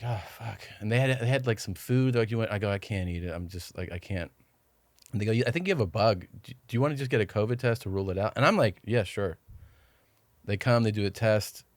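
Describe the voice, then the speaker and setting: A man's voice: fairly low pitch, brisk, no room sound. A man guesting on a podcast, telling rambling stories in casual chat and acting out what others said to him.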